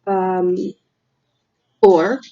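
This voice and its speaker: A woman giving a tarot reading from a room at home, talking in a slow, halting, reflective way with many fillers. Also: on the low side, fairly even intonation, mellow, highs cut off. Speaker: tarot reader.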